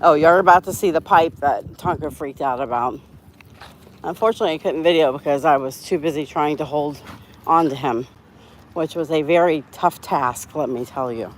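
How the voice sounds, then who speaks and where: A woman's voice: sits low, normal speed, slight background noise. A woman hosts a casual livestream, chatting with viewers and reading their comments. She talks outdoors while walking her dogs, rambling and laughing at her own slips. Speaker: livestream host.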